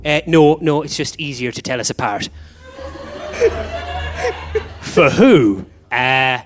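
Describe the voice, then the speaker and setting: In a live comedy stage play, an actor plays a flustered male time traveller who keeps running into copies of himself, bickering in quick, confused exchanges. His medium-pitched voice has lively intonation and is heard over music, recorded live on a theatre stage.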